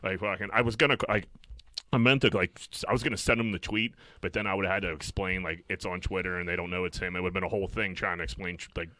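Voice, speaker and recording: A man's voice: low voice, fairly even intonation, fast, sharp tone, no echo. A man in a casual chat, telling profane, rambling stories with lots of restarts.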